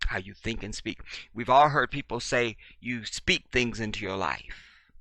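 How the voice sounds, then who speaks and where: A man hosting a commentary monologue, repeating his points emphatically in a preachy way and swinging from loud to very quiet. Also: lowish voice, measured pace, no room sound. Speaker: commentary channel host.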